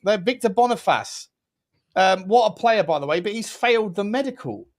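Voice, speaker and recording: A man's voice: sits high, animated, moderate pace. A man co-hosting a casual football chat, chatty and throwing questions to his co-host.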